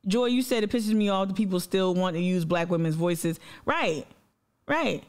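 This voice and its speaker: A woman with a fairly low, clear and resonant voice speaks at a moderate pace while hosting a livestream. She gives her audience a direct, impassioned, profanity-laden monologue full of repetition and reads their comments aloud.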